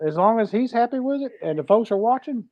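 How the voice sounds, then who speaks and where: A man's voice: extremely high pitch, expressive, fast talker, crowd noise. A man hosting a casual podcast chat, encouraging his guest with chuckling affirmations. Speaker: podcast host. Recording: dull lo-fi sound.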